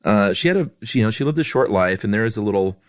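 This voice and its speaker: A man co-hosting a podcast in casual chat, relaxed and self-deprecating with many fillers. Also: lowish voice, fast, dry recording, clean studio sound. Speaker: podcast co-host.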